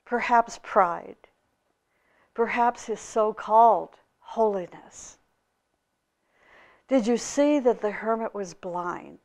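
A woman spiritual teacher giving a storytelling talk in a slow, measured way. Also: mid-range voice, darkish tone.

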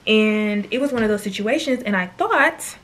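A woman's voice: mid-range voice, animated, normal speed, a bit bright. A woman in her twenties telling a personal story to camera in a chatty, slangy way, often turning aside to address viewers. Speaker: storytime vlogger.

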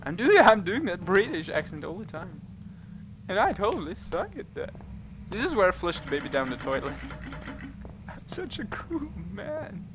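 A man's voice: high voice, sing-song, fairly quick, background noise. A man giving casual, goofy gameplay commentary, joking and laughing at his own jokes. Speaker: let's play gamer.

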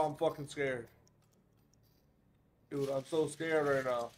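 A man's voice: medium pitch, steady tone, slow. A young man giving let's play commentary on a horror game, talking jittery and profane as he thinks aloud to his chat. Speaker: gaming streamer.

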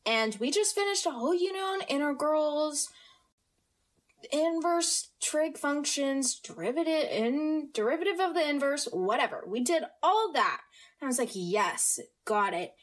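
Chatty teenage girl with lively pitch. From United States. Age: teens. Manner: chatty, upbeat, talks in quick asides. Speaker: podcast host. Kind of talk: casual chat.

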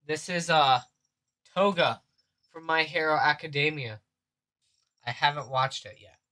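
A man's voice: a little high, measured pace, long pauses, pushed and bright, dry recording, studio quality. A young man on a casual livestream, chatting to viewers at a desk microphone, joking, swearing, and getting jumpy as he plays a horror game. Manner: joking, chatty, swears a lot, gets jumpy when scared. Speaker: streamer. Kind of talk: casual livestream chat while gaming.

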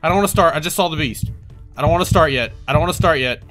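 A young adult commenting live on gameplay, panicky and yelping, with quick repeated phrases. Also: mid-range voice. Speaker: gaming video creator. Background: game music.

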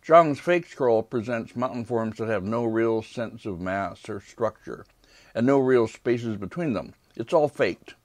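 A man's voice: medium pitch, lively intonation, no room sound. Older man giving an art history lecture. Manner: measured, apologetic asides to a slide operator. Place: lecture hall.

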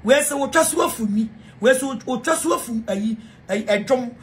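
A woman's voice: high voice, brisk. Heated Ghanaian woman ranting. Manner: heated, repetitive, switches between English and Twi. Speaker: self-styled preacher. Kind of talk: angry rant to camera.

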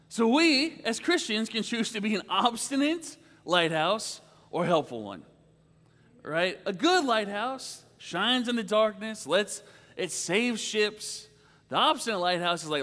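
Pastor, male, high voice, casual earnest sermon delivery in a reverberant sanctuary. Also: big pitch swings, a little slow, fairly bright tone. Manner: earnest, conversational preaching with frequent "right?". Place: church sanctuary. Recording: long reverb of a church hall.

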